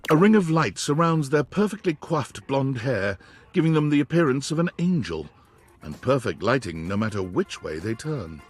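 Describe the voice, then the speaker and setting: A male actor narrating in a video game in a wry, descriptive way, with a husky voice. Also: mid-range voice, sing-song, normal speed. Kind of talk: scripted narration.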